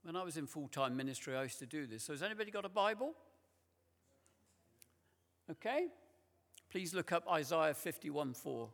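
A man preaching a sermon in a church, slow and deliberate, repeating key words for emphasis. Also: on the high side, very animated, gravelly, a bit bright. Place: large church. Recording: long church reverb.

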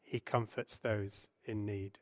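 A man preaching a sermon, earnest and gentle, asking rhetorical questions and dropping his voice and slowing down when he quotes scripture. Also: fairly low pitch, flat delivery. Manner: softens and slows when quoting scripture.

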